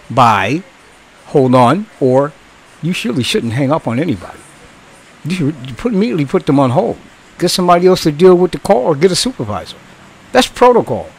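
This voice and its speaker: A man's voice: high voice, rough recording. A man in his sixties who once worked in customer service, bluntly lecturing in a casual monologue, swearing and repeating himself. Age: 60s.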